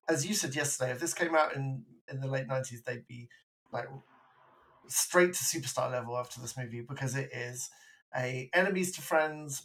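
A British man co-hosting a film podcast, chatting casually, laughing often and breaking into animated bits. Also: medium pitch, rough recording. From Britain. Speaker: podcast co-host. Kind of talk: casual film review chat.

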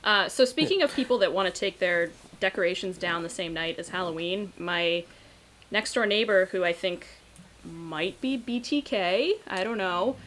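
A woman's voice: fairly low pitch, normal speed, a bit bright, slight background noise, low-quality recording. A woman co-hosting a casual podcast, making short wry remarks and laughing often. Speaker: podcast co-host. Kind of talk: casual chat recapping a movie.

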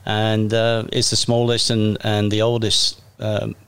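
A man's voice: lowish voice, monotone, measured pace, a bit bright, clear, resonant tone. A middle-aged man with an English accent, telling stories from his life in a casual interview, chatty and self-deprecating, with frequent restarts. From England. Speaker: police officer guest.

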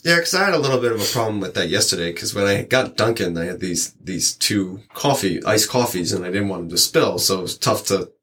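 A man's voice: fairly low pitch, fairly quick, hardly any pauses, a little hiss or hum. Chatty man telling delivery stories. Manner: rambling, animated, acts out quoted lines. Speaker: delivery driver sharing stories. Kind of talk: casual storytelling chat.

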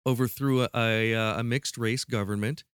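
A man's voice: mid-range voice, steady tone, moderate pace, fairly bright tone, clean tone, no echo, studio quality. A man hosting a podcast, playfully running a quiz with joking stakes and laughing often. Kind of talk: casual podcast chat.

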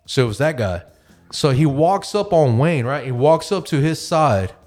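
A man hosting a podcast and telling a long, animated story, swearing freely and acting out the voices of the people in it. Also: on the high side, moderate pace, soft background music. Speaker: podcast host. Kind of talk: casual storytelling.

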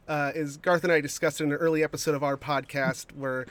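A man with a slightly high voice co-hosts a podcast. He is recorded close and dry, with no room sound. He tosses in jokey asides and stumbles over his restarts. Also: fairly even intonation, fairly quick, fairly bright tone, no room sound. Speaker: podcast co-host. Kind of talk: casual podcast chat.

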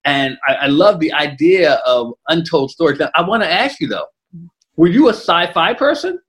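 A man's voice: a little high, animated, normal speed, a bit bright. A man hosting a podcast interview, enthusiastic and often repeating words as he talks. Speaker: podcast host. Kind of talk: casual interview chat.

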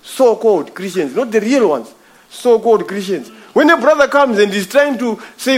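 A man's voice: high-pitched, expressive, moderate pace. A man preaching a sermon, emphatic and repetitive, calling his listeners brother. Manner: emphatic, repeats phrases, addresses listeners as brother.

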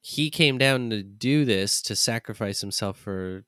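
A man's voice: on the low side, unhurried, a bit bright, no echo, clean studio sound. A man co-hosting a podcast in casual chat, wry and laid-back, swearing now and then. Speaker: podcast co-host.

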